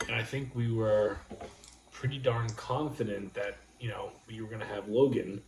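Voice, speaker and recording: A man from New York hosting a casual livestream chat, rambling and halting as he talks. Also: on the low side, fairly even intonation. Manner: rambling, halting, full of restarts. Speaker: livestream host. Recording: roomy room with faint noise.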